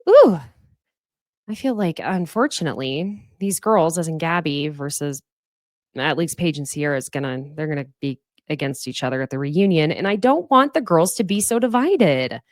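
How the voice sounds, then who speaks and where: Lowish-voiced woman, sassy reality-show recapper, swoops up in pitch for emphasis, dry close sound. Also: moderate pace, dry recording. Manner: animated, sassy commentary with exaggerated pitch jumps. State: sniffly from allergies. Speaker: podcast host.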